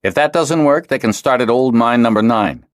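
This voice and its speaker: A man's voice: medium pitch, moderate pace, no room sound, clean studio sound, voice pushed up, natural voice. A man reading an audiobook, voicing a harsh, domineering male weir leader who barks scathing orders. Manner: venomous, scathing commands, shouting. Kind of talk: audiobook character voice.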